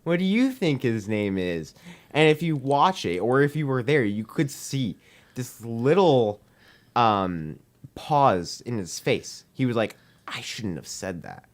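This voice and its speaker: A teenage boy sits in as a podcast guest and tells a story the loose, chatty way. He leans on "um" and "we're like" to act out each exchange, at an ordinary pitch for a young man. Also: big pitch swings, slow pace. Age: teens. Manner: rambling, heavy use of "we're like" and "um". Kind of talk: casual anecdote telling.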